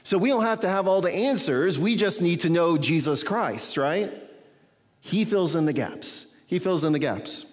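Pastor preaching in a reverberant hall. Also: male voice, high-pitched, animated, moderate pace. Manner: conversational, checks in with the listeners often. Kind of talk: sermon teaching from scripture.

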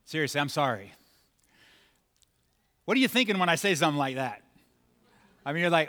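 A man's voice: sits high, lively intonation, brisk, pauses often, bright, forceful tone. A man preaching a sermon as pastor, conversational and playful, acting out scenes from his childhood. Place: church sanctuary. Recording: long hall reverb.

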